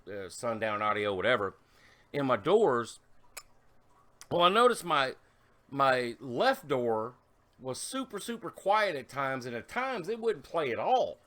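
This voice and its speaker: A man chatting casually in a vlog, rambling and animated, telling stories with laughs as he shows his work. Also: medium pitch. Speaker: vlogger.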